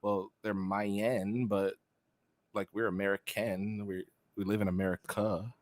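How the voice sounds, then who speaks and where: A man's voice: lowish voice, level tone, measured pace, no room sound, studio quality. A man co-hosting a casual podcast, rambling and joking and often laughing through his banter. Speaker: podcast co-host.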